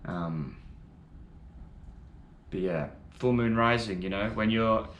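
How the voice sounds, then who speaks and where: Enthusiastic low-voiced man in an echoey room. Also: slow pace, fairly bright tone. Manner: enthusiastic, rambling, swears casually. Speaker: music reaction video host. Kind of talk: casual first-reaction commentary.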